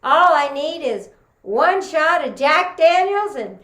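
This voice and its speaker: A woman's voice: sits high, very animated, slow, fairly bright tone, echoey room. A woman from Texas giving a humorous contest speech, telling stories full of folksy sayings. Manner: folksy storytelling with Southern sayings. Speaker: contest speaker.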